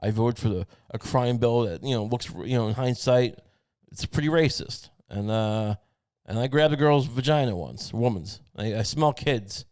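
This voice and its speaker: A man's voice: mid-range voice, moderate pace, a little mellow, dry recording, clean studio sound, close to an everyday voice. A man doing a crude old politician trading insults. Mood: insulting. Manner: crude, brags and trades insults.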